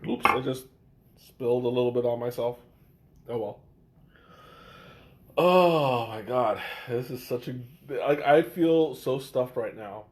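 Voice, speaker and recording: A man's voice: mid-range voice, slow pace, pauses often. A man chatting casually on a live stream, tasting tea, with a congested voice and a hesitant delivery full of fillers and restarts. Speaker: livestream tea taster.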